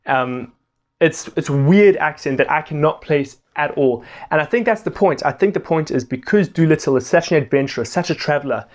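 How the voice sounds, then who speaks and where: A young man talking through a casual film review, animated and excitable, laughing often. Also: on the high side.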